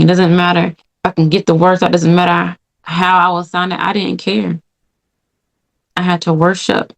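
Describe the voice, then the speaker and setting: A woman's voice: fairly low pitch, vocal fry. A woman podcast host giving an earnest personal faith testimony, repeating phrases for emphasis.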